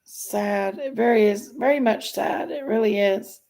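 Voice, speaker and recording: A woman's voice: medium pitch, unhurried, gravelly, darkish tone. A woman hosting a casual livestream, chatting and greeting viewers by name as she reads their comments. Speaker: livestream host reading chat.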